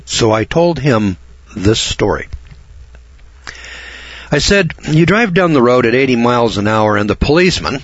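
An older man from Idaho telling a story, rambling and halting at first, then reading slowly and deliberately from notes. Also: medium pitch, lively intonation, no room sound, lo-fi sound. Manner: rambling, halting restarts, slow deliberate emphasis. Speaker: speaker telling a personal story.

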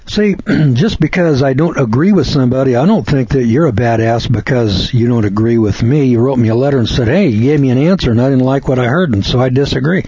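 Husky, folksy male preacher. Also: mid-range voice, fairly quick, few pauses, mellow, dull audio. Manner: folksy, sardonic, talks back to a letter writer; frequent throat-clearing. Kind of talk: conversational Bible commentary.

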